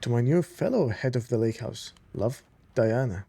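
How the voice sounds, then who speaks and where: A man's voice: medium pitch, animated, normal speed, gravelly, warm tone, breathy edge. A man casually commenting on a video game he plays, reading in-game documents aloud between enthusiastic fan remarks. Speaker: gamer playing through a story game. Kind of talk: casual let's-play commentary.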